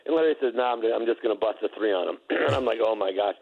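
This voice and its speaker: A man's voice: on the low side, lively intonation, fast talker, creaky, husky. A man, a former basketball player, telling rambling, laughing anecdotes with many restarts. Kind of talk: casual storytelling. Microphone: phone. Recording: tinny phone line.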